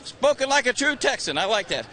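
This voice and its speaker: A man's voice: extremely high pitch, very animated, a little fast, over a noisy crowd. Breathless, joking older man on the grid. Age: 60s. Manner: joking, teasing, shouts greetings. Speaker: pit reporter. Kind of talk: live grid-walk interviews. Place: outdoors on a racetrack grid.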